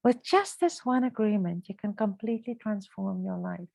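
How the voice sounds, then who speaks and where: A woman's voice: mid-range voice, moderate pace, creaky, darkish tone, no echo. A woman hosting a podcast, talking in an earnest, reflective and motivational way. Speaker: podcast host. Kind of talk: casual conversational podcast talk.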